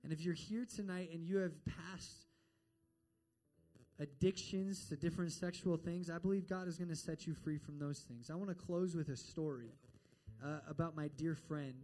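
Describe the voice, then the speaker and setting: A man's voice: on the high side, dark tone. Earnest man preaching a sermon. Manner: earnest storytelling, acts out quoted voices. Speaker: pastor.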